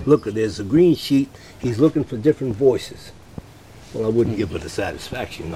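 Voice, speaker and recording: On a radio interview, an older man who is a veteran voice actor and musician tells lively anecdotes, acting out the voices of the people he quotes. His voice sits lowish, with a little hiss or hum in the background.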